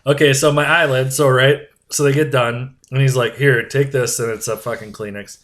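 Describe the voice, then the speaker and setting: A man's voice: medium pitch, steady tone, normal speed, a bit bright. A man in his thirties, a podcast co-host, telling a profane story in casual chat and acting out what others said. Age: 30s.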